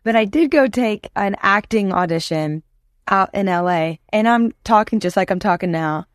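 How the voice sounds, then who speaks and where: A woman from Louisiana in her thirties, a musician guest in an interview, telling stories in a lively way and acting out the voices she quotes. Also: medium pitch, moderate pace, no room sound, studio quality. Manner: animated storyteller, acts out quoted voices. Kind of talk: casual interview chat.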